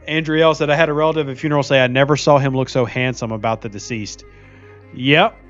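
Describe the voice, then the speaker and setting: A man's voice: medium pitch, steady tone, quick pace, fairly bright tone, dull audio, faint music behind. A man streaming a mobile game, chatting casually and jokingly while reading viewer comments aloud. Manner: chatty, jokey, laughs often, reads viewer comments aloud. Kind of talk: casual live-stream chat while playing.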